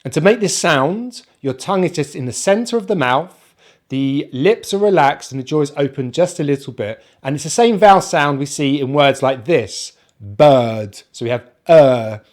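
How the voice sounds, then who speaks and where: A man with a British accent teaching an online pronunciation lesson, speaking slowly and modelling each sound one at a time. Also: on the high side, expressive. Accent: British English, non-rhotic. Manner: slow, careful, demonstrates sounds one by one.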